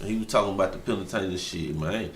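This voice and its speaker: A man on a casual podcast, telling stories in an animated, slangy way. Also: deep voice, fast, a little hiss or hum. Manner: storytelling, animated, slangy, laughs often. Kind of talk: casual hip-hop podcast chat. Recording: roomy, echoey room sound.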